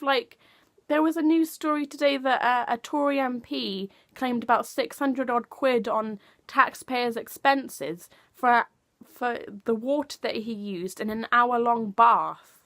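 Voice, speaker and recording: Young woman, political vlog rant, higher voice, heated and sweary, filler-heavy. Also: a little slow, a bit bright. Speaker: political vlogger.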